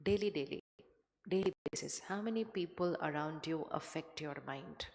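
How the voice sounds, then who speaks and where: A woman giving a spiritual talk to a live audience, measured and conversational, often putting questions to the listeners. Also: low voice, a little mellow. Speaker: spiritual speaker. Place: large hall with an audience. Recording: hall reverb from a stage mic.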